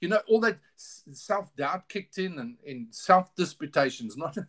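A middle-aged man speaking as a guest in a relaxed interview, his voice sitting a little high for a man. He talks earnestly and openly, stumbling and restarting as he goes. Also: unhurried. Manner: earnest, candid, with many restarts. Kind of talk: casual interview storytelling.

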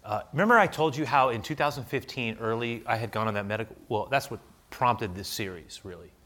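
A man preaching a sermon, telling a story and getting animated as he quotes himself. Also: medium pitch, a little fast. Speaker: pastor.

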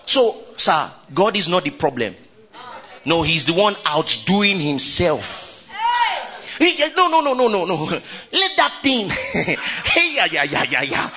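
A man preaching a lively sermon, calling out to the congregation, shouting and laughing as he goes. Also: high voice, slow pace. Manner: exuberant preaching, shouting and laughing, call and response. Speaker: pastor.

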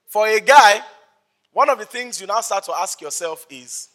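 Man, Nigerian accent, pastor, lively sermon storytelling, high voice. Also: moderate pace. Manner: animated storytelling, acts out voices. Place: church service.

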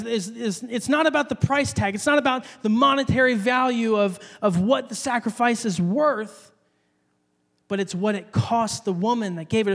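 In a big-sounding room, a man with an extremely high voice preaches in a casual, chatty style. He frequently repeats words and performs the voices of the people in his story.

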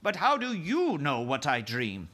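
A man voicing a stately elderly queen in a storybook read-aloud, with a poised, crisp manner. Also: a little high, huge pitch swings, unhurried, a bit bright, heavily acted. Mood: composed, gently amused.

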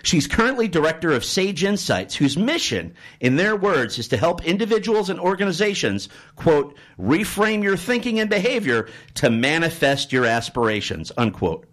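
A man's voice: fairly high pitch, moderate pace, hardly any pauses. A man hosting a radio talk show, telling an anecdote and joking with his guest in the studio. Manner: animated storyteller, joking. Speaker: radio host. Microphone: studio microphone.

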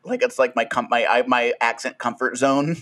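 A man's voice: medium pitch, moderate pace, fairly bright tone. A man co-hosting a casual podcast, joking and giggly. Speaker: podcast co-host.

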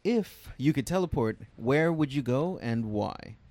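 A man's voice: mid-range voice, lively intonation, measured pace, a little mellow, no echo. A man co-hosting a casual podcast, bantering with friends and laughing often. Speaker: podcast co-host. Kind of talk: casual chat.

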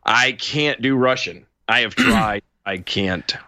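A man's voice: mid-range voice, slow pace, no room sound, clean studio sound. A man co-hosting a show in casual, jokey banter, plugging the show and riffing. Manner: animated, jokey, plugs the show. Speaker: podcast co-host.

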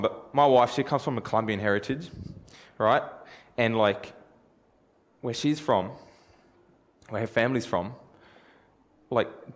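A man preaching a sermon through a self-deprecating personal story, chatty and joking. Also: mid-range voice.

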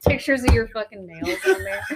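A woman who is a mother, guesting on a friends' podcast, laughing and swearing casually. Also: fairly high pitch. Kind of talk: casual chat among friends. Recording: background noise.

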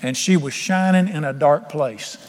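A man's voice: fairly high pitch, moderate pace. A man preaching a fervent, folksy sermon with humor. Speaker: pastor. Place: church sanctuary. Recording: long church reverb, faint music.

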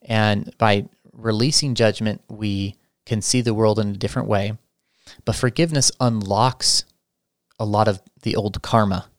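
A man hosting a spiritual podcast, talking in a soft, reflective way with many restarts. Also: on the low side, fairly even intonation, a little slow, dry recording, studio quality. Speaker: podcast host. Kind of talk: spiritual teaching talk.

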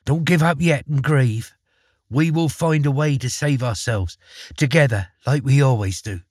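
A plucky young boy from a storybook, soothing and reassuring, voiced by a male reader raising his voice. The tone is slightly husky, close and dry. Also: mid-range voice, measured pace, darkish tone, dry recording, voice pushed up, close to an everyday voice. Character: brave young boy comforting his sister.

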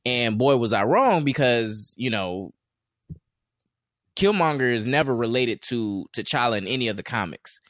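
A podcast co-host chats loosely and rambles, full of fillers and restarts, in an expressive, mid-range, slightly bright voice at a moderate pace. The sound is clean studio audio with no echo.

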